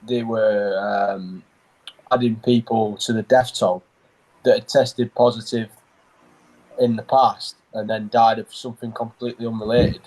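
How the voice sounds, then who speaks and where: A man's voice: fairly low pitch, flat delivery, measured pace, a little mellow, low-quality recording. A man co-hosting a podcast, telling a rambling story in casual chat, full of fillers and swearing. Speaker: podcast co-host.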